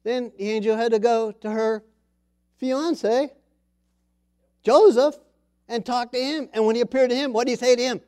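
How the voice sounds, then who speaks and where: A middle-aged man preaching a sermon, with sudden loud bursts, soft drops, and scripture read slowly aloud. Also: extremely high pitch, clear, resonant tone.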